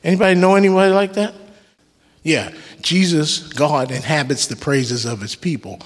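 A man's voice: a little high, normal speed. A man preaching a sermon in a church, emphatic with call-and-response and casual joking asides. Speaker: worship leader preaching. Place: church sanctuary. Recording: long reverb of a church hall.

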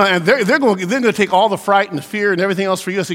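A male pastor delivers an animated sermon, sliding into acted-out voices for the people he quotes. His voice sits high for a man. A long hall reverb trails behind every phrase. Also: rapid-fire, few pauses.

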